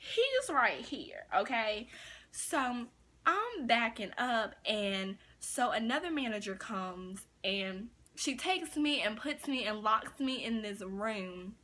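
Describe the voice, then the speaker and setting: A woman's voice: on the high side, animated, takes it slowly, pushed and bright, slight background noise. A young woman vlogger telling a story in a casual, chatty way, full of fillers like "like" and "you know.".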